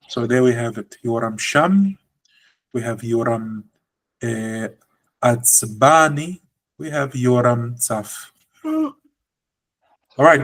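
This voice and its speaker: A man's voice: medium pitch, rough recording. A man teaching a language lesson, explaining patiently and drawing out example words.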